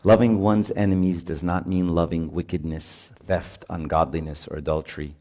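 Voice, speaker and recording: Lively middle-aged man preaching, dark voice. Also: low voice, moderate pace. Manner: animated, acts out parent and child voices. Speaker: priest. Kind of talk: retreat sermon.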